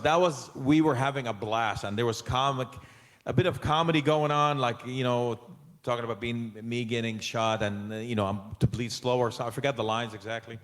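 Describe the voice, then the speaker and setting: Male actor guest, mid pitch, relaxed animated panel talk, long reverb from a big hall. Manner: animated, laughing, trailing restarts. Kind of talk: casual panel Q&A. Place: large convention hall.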